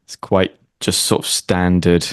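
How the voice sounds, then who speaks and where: Laid-back low-voiced Oxford man. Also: level tone, unhurried, smooth, no echo. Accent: British English, Oxford. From Oxford, England. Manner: laid-back, dry humour, laughs often. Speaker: guest, online English teacher. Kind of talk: casual conversation.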